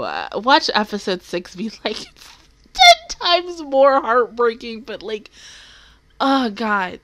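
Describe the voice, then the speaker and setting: Bright-voiced young woman rambling emotionally. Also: medium pitch. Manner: rambling and emotional, with many fillers and curse words. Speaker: anime reaction host. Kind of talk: casual reaction commentary.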